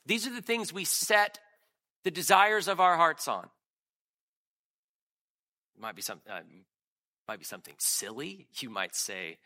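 Animated, high-voiced male preacher. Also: a little slow, long pauses. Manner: dramatic, swings between loud emphatic and hushed lines. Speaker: pastor. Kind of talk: sermon.

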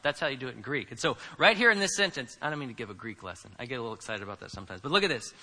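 Emphatic bright-voiced preacher in a hall. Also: male voice, mid-range voice, very fast. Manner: animated, swings between hushed asides and loud emphatic lines. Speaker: pastor. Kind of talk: sermon. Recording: preached in a room with long reverb.

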